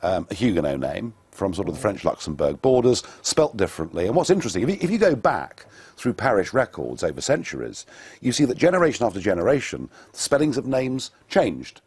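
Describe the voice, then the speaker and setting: Man, political guest in studio; jovial, husky, animated. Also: on the low side, brisk, no room sound. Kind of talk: studio interview.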